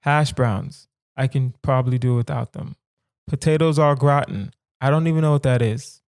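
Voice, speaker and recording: Rambling and animated, this man in his thirties from the American South poses rhetorical questions to listeners on his casual solo comedy podcast. His voice is medium-pitched and clean, with a moderate pace.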